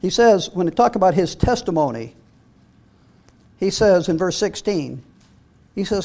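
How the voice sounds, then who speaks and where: A middle-aged man preaching a verse-by-verse sermon. His voice sits high for a man. He reads scripture aloud and stumbles over repeated words as he restarts. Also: expressive, measured pace, long pauses, a little mellow.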